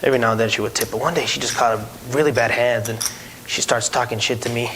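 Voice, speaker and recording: Animated man telling casino stories. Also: mid-range voice, quick pace, background noise. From Hispanic heritage, no country given. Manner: animated, acts out voices in his stories, many restarts. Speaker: podcast co-host, former casino dealer. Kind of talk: casual storytelling chat.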